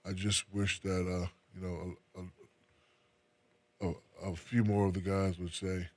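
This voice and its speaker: A retired New Jersey basketball player, a man, chats casually as an interview guest in a soft-spoken, laid-back way, often trailing off with fillers. His voice sits low with little pitch movement, and he speaks slowly.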